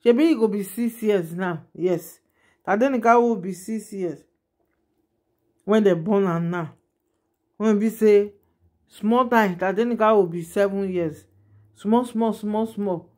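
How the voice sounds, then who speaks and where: A woman's voice: medium pitch, a little slow, long pauses, darkish tone. A woman speaking in a Nigerian Pidgin accent, giving casual gossip commentary to her viewers and often turning to them with asides. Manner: chatty, addresses viewers directly with repeated asides. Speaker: gossip vlogger.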